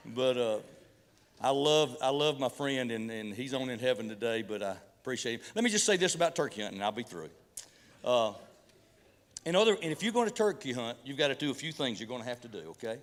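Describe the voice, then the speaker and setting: A man's voice: medium pitch, animated, brisk. Man, middle-aged pastor, folksy storytelling sermon, restarts a lot, long church-hall reverb. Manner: folksy, repeats and restarts, mixes humor with preaching.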